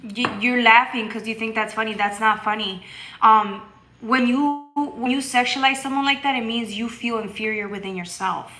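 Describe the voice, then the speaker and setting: A woman's voice: on the high side, moderate pace. A woman hosting a tarot livestream, chatting casually and bluntly with viewers. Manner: blunt and scolding, reads chat aloud, bursts into loud laughter. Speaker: tarot reader and livestream host.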